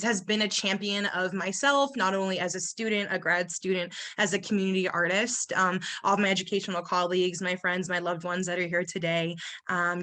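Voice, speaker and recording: Young woman grad student, bubbly and effusive, bright sharp voice, presenting on a video call. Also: mid-range voice.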